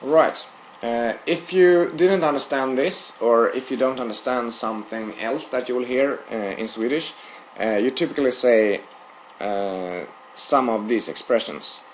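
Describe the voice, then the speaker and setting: A man of middle pitch gives a recorded language lesson. He talks steadily and fills pauses with "uh". A faint hiss of background noise sits under his voice. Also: poor audio. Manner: steady, with frequent "uh" fillers. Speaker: language teacher.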